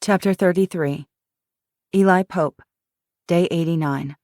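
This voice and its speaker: Woman narrator, audiobook, low voice, dry close studio sound, steady reading. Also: measured pace, no echo. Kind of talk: scripted narration.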